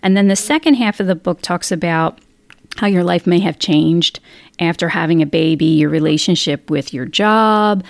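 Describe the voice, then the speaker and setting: A woman's voice: fairly low pitch, normal speed, vocal fry, no echo. A middle-aged woman author talking candidly in a casual interview, rambling with frequent restarts. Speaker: author guest.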